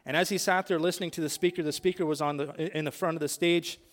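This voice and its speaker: A man's voice: on the high side, steady tone, quick pace, big-room sound. A male pastor preaching a sermon, asking the congregation questions and building emphatic lists.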